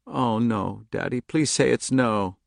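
A man's voice: mid-range voice, a little slow, gravelly, no room sound, studio quality, pitched above the performer's own voice. A man voicing a terrified little girl who pleads and sobs for her mother in an audiobook. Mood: pleading. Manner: pleading, tearful. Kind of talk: audiobook character voice.

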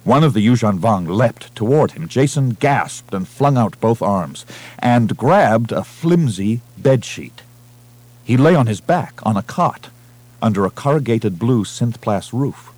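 A man with a fairly low voice reads a science-fiction novel aloud as an audiobook narrator. His delivery is measured and dramatic, built for storytelling. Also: a little mellow. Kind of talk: scripted narration.

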